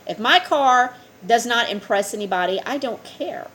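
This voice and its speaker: A woman's voice: on the high side, animated, normal speed, a bit bright, a little hiss or hum. A woman teaching a spiritual class, talking earnestly and often checking in with her listeners. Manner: earnest, keeps asking "okay?". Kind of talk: informal spiritual lesson.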